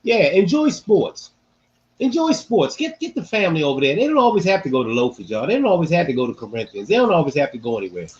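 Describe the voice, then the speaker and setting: A man hosting a casual sports-talk podcast, animated and repeating phrases for emphasis. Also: mid-range voice, racing, few pauses, dull audio. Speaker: podcast host.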